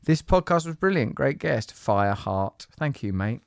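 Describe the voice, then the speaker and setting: A man hosts a podcast, chatting casually. He sounds playful and teasing, riffing on odd ideas at a middling pitch. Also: animated, measured pace, creaky. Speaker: podcast host. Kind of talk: casual chat.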